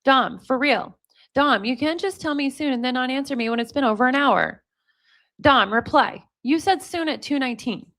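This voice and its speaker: A woman reading out the texts of a needy, anxious young woman pleading with her boyfriend, in her own plain, fairly high voice. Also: normal speed, fairly bright tone. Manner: pleading, repetitive.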